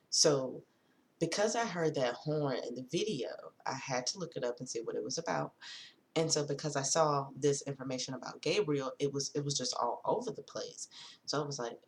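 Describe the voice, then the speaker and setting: A woman's voice: very deep voice, slight background noise. Chatty woman vlogger reading her notes. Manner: chatty, drifts off topic and apologizes; reads notes slowly, rereads long sentences. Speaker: spiritual vlogger. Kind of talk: casual vlog, reading from notes.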